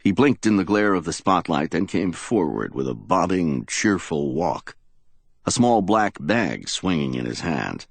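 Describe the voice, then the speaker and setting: A man's voice: low voice, very animated, a little slow, vocal fry, breathy edge, no room sound. A man narrating a hardboiled crime audiobook in a dramatic storytelling manner.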